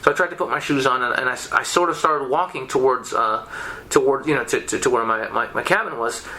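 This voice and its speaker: A man's voice: mid-range voice, fast talker. A young man on a podcast, casually telling a story with constant swearing and lots of restarts. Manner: profane, animated, many restarts. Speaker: podcast guest.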